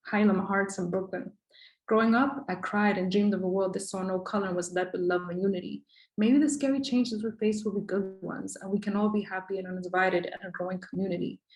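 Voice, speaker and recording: A woman's voice: medium pitch, rough recording. A woman performing a rhythmic, emphatic spoken word poem with a repeated refrain. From the Bronx, New York.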